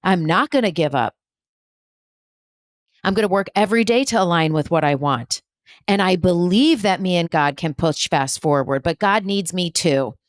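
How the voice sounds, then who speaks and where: On her spiritual podcast, a woman who works as a medium gives a forceful, repetitive pep talk, swearing bluntly and cracking jokes. Her voice runs low and animated at a normal speed, recorded dry at studio quality.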